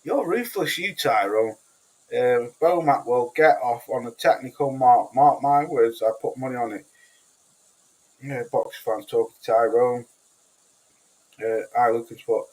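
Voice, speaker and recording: A man's voice: medium pitch, fairly even intonation, measured pace, pauses often, darkish tone, poor audio. A man with a Cheshire English accent, hosting a livestream and chatting casually with viewers in a blunt, sweary, rambling way full of restarts. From Cheshire, England. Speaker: livestream host. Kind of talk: casual livestream chat reading comments.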